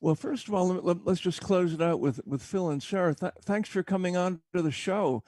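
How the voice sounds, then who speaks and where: A man hosting a talk show, speaking haltingly with frequent restarts. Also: sits high, warm tone, dry recording. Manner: halting, repeats and restarts words. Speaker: show host. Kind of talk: casual talk show chat.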